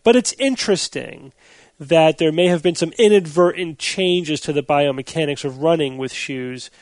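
A man hosting a podcast in casual panel chat, relaxed and laughing easily. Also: on the high side, normal speed, no room sound. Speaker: podcast host.

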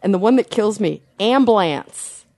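Lively low-voiced woman chatting. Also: fairly quick, no echo. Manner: playful, laughs often. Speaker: podcast panelist. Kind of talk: casual panel chat.

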